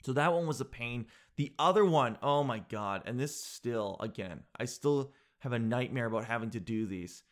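A man's voice: medium pitch, moderate pace, hardly any pauses. A young man telling a comedic story in a rambling, sarcastic way, laughing at his own jokes and saying "dude" a lot.

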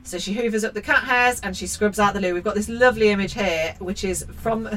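A woman's voice: mid-range voice, a little fast, fairly bright tone, rough recording. A woman co-hosting a podcast, reading a children's book aloud and commenting on it in a sarcastic, sweary, mock-outraged way. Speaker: podcast co-host.

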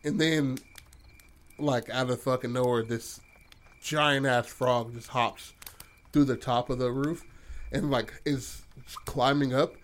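A man's voice: mid-range voice, steady tone, slow pace. A man spins a made-up horror tale in casual podcast chat. His mid-range voice rambles loosely and is salted with curses and restarts. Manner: rambling and profane, full of fillers and restarts. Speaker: podcast host telling a story. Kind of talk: casual improvised storytelling.

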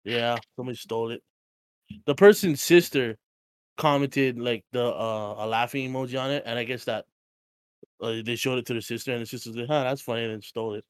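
A young man from Hawaii co-hosting a casual podcast, joking and swearing, often trailing off into low mumbles. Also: brisk, clear, resonant tone, dry recording. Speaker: podcast co-host.

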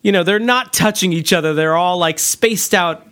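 A man's voice: high voice, normal speed, fairly bright tone. A man co-hosting a podcast in casual chat, sardonic and giggly with wry asides. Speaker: podcast co-host.

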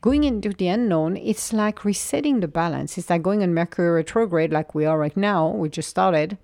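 A low-pitched woman in her forties delivers an inspirational spiritual monologue, her voice carrying a gravelly fry. She sounds earnest and encouraging and sometimes drops into a soft whisper. The recording is close and dry, with no room sound. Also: normal speed, dry recording. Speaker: spiritual motivational speaker.

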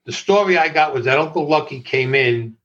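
An older man telling stories in an interview, animated, laughing often and swearing freely. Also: fairly high pitch, fairly quick, dull audio. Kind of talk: storytelling in conversation.

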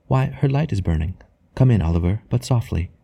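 A man reading an audiobook, voicing an excited young wife with a soft, eager delivery. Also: fairly low pitch, fairly quick, vocal fry, slight background noise. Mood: eager hushed.

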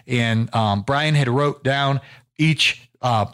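On his own podcast, a US man tells a story slowly in a smooth, fairly bright mid-range voice. He rambles casually, with frequent fillers and false starts.

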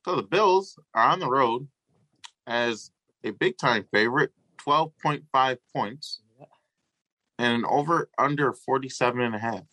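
A man's voice: mid-range voice, a little slow, pushed and bright, dry recording, rough recording. A man co-hosting a casual sports podcast, matter-of-fact as he explains the betting lines. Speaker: podcast co-host.

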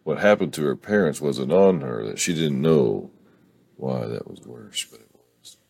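A man reading a romance novel aloud, unhurried, with small slips and restarts. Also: extremely low pitch, expressive, vocal fry, a little mellow, husky, no room sound. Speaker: book reader.

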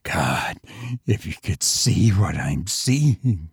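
A man voicing a terrified grown man calling up from a deep vault, in a shaky, hoarse whisper and a frantic, pleading way. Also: very animated, very slow, no room sound, clean studio sound, full character voice.

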